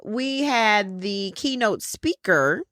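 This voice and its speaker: Lively, animated woman telling stories. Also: takes it slowly. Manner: animated storyteller, acts out quotes with big pitch jumps. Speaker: therapist and co-host. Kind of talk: casual storytelling chat.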